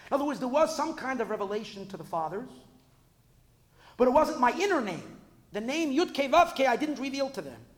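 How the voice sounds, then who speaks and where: Impassioned man teaching Torah, high voice. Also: big pitch swings, fairly quick, long reverb tail. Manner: impassioned, rising to emphatic peaks, frequent restarts. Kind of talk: Torah lecture.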